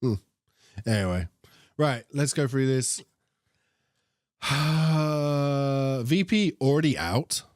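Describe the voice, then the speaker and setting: Speaking very slowly with long pauses, this young co-host has a medium-pitched, lively voice and a posh British accent. He jokes and drifts into tangents during a casual esports chat, recorded in studio quality with no echo.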